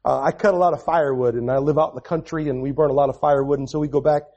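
A man in his forties preaching a sermon, repeating and restarting phrases, moving from quiet storytelling to raised proclamation. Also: fairly high pitch, fairly even intonation, rapid-fire, muffled recording. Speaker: pastor.

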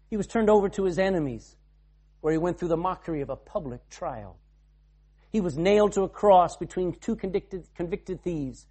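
Male preacher, sermon, animated pitch, dramatic loud-to-soft delivery, old-fashioned scripture reading. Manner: dramatic, swings from loud to hushed.

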